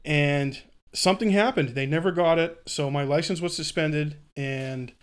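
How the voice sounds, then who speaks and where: A man's voice: fairly high pitch, moderate pace, smooth. A man in his twenties telling a story in casual chat, swearing freely and acting out what others said. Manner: swearing, laughing, acts out quotes.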